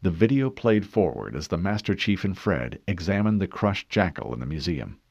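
A man narrating an audiobook in a steady, measured way. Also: low voice, creaky, husky, dry recording. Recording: dull dry studio read.

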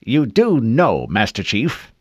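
Guy doing a stern officer, loud formal warning, lively pitch. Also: slow, no room sound, studio quality, full character voice. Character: stern male interrogating officer.

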